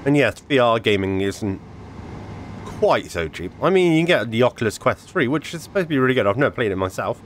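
A man chatting excitedly through gameplay while wearing a VR headset, tired and fighting a cough. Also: medium pitch, brisk, a little hiss or hum. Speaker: gaming video creator. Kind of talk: casual gameplay commentary.

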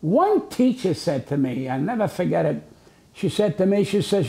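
A man's voice: high voice, very animated, moderate pace, vocal fry, mellow. A man telling a story in an interview, building to emphatic rhetorical questions.

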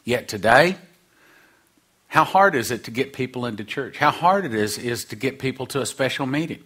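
A man's voice: medium pitch, lively intonation, normal speed, fairly bright tone, husky. A man preaching a sermon, acting out quoted voices and dropping humorous asides.

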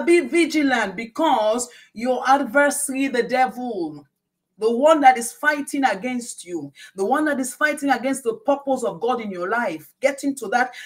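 A middle-aged woman preaching a sermon, reading scripture aloud and explaining it slowly and with emphasis. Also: fairly high pitch.

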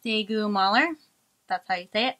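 A woman's voice: medium pitch, animated, moderate pace, pushed and bright, slight background noise. A woman co-hosting a casual card unboxing, often amused and laughing between card names. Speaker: co-host, host's wife. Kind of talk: casual chat.

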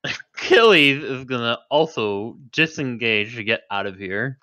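A man's voice: medium pitch, lively intonation, measured pace, pushed and bright, no echo, highs cut off. A man narrating a tabletop game as game master, casual and often laughing as he talks.

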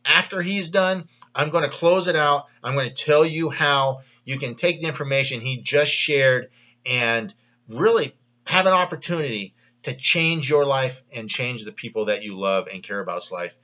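A man's voice: medium pitch, normal speed, pushed and bright. Rambling American man with slightly muffled sound. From American Midwest. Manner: rambling, frequent fillers and restarts. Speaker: network marketing video host. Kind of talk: casual direct-to-camera pitch.

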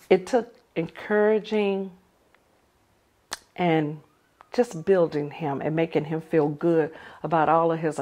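An older woman with a somewhat low voice tells her own story in a lively, animated way. She acts out the conversations as she recounts them. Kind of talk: personal storytelling.

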